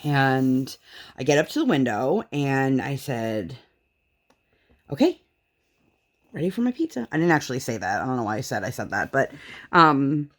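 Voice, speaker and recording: A woman in her thirties chatting casually while she crafts, acting out the people in her story with big jumps in her voice. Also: moderate pace. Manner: animated storytelling, acts out dialogue with big pitch jumps. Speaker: craft vlogger.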